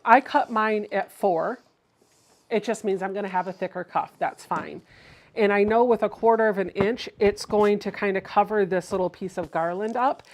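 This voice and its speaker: A woman's voice: mid-range voice, moderate pace, slight background noise. A woman hosting a casual sewing livestream. She chats through each step and reads viewer comments aloud.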